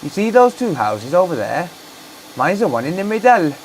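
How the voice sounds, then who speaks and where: A man's voice: high-pitched, big pitch swings, moderate pace, slight background noise, voice pushed up, rough recording. A man putting on a Welsh accent to play a blunt, cheeky Welsh man in a jokey, sing-song way. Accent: Welsh, put on.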